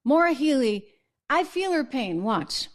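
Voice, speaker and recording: A woman's voice: high voice, big pitch swings, unhurried. Emphatic woman hosting a political show. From New England. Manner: emphatic, conversational, asks viewers "right?" and "okay?". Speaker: political talk show host. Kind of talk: opinion monologue.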